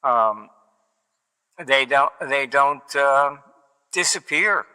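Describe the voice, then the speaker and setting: Older male interview guest, bright and smooth-voiced, rambling through wry stories, heard with a long reverberant room tail. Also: medium pitch, animated, extremely slow. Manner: digressive storyteller, wry and matter-of-fact. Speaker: interview guest, market forecaster. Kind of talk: rambling anecdotal interview talk.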